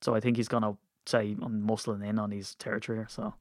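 A man's voice: fairly low pitch, little pitch movement, fast talker, darkish tone, no room sound. A man with an Irish Wicklow accent hosting a podcast in a rambling, jokey, chatty way on a studio mic. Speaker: podcast host. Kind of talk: casual podcast chat.

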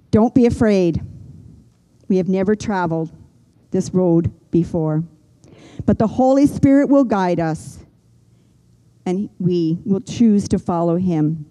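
An older woman preaching a sermon, earnest and gentle, slowing down and pausing for emphasis. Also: medium pitch, poor audio. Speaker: pastor.

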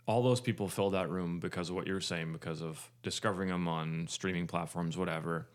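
A man's voice: low voice, steady tone, fairly quick. A man co-hosting a podcast in casual chat, rambling with lots of fillers and jokes. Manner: rambling, filler-heavy, jokey. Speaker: podcast co-host.

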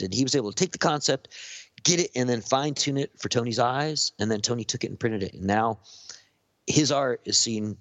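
A man's voice: mid-range voice, a little fast, a bit bright, dry recording. A man with a Southern Californian accent, a podcast guest chatting in a laid-back, rambling way with many fillers. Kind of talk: casual podcast chat. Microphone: close podcast mic.

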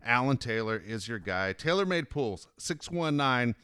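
A man's voice: animated, sharp tone, smooth, dry recording, clean studio sound. A man co-hosting a radio show, chatting casually and doing a live ad read with a salesman's push. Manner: fast, pitchy, salesman-like delivery.

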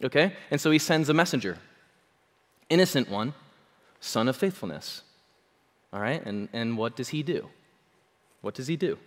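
A man preaching a sermon in a conversational, joking way, checking in with his listeners often. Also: fairly high pitch. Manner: conversational, animated, jokes with congregation. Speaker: pastor. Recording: long hall reverb.

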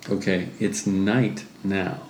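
A man's voice: low-pitched, level tone, slow, darkish tone, slight background noise. A man playing in a tabletop role-playing game, organizing the group with a wry streak. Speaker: player. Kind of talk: casual tabletop game chat. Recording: roomy echo.

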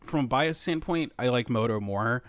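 A man's voice: medium pitch, lively intonation, moderate pace, slight background noise. A man, a podcast guest, giving a rambling, hesitant opinion full of fillers over a remote call. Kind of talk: casual chat.

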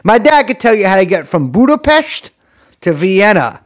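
A podcast co-host chatting casually with a sardonic, rambling manner and frequent laughter. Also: male voice, high voice, sing-song, moderate pace. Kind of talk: casual chat.

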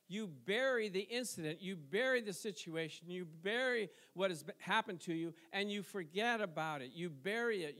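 High-voiced man preaching conversationally. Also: a bit bright. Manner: conversational preaching with call-and-response asides and chuckles. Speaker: pastor. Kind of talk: sermon.

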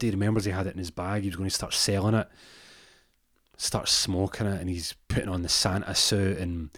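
A man's voice: sits low, dry recording, studio quality. A man telling an improvised comic story in a rambling way, often stumbling over repeated words.

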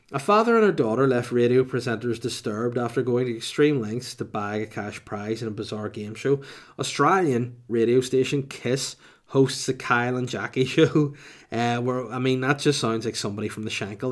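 A Northern Irish man chats on his podcast in a loose, rambling way, cracking jokes at his own expense. His voice sits at an ordinary male pitch, and he sounds sniffly from a cold. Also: moderate pace. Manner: jokey, rambling, self-mocking. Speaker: podcast host. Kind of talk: casual rambling podcast chat.

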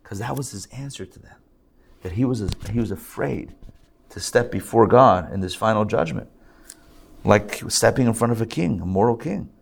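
A man, a rabbi, teaching a live class in a conversational, lively way, asking rhetorical questions and adding asides. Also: fairly low pitch, moderate pace, vocal fry, husky. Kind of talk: live lecture to a group. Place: live class in a synagogue learning center.

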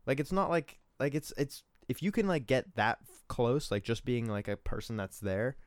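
A young man in a casual podcast chat, excitable and swearing, full of fillers. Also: medium pitch, moderate pace, no echo.

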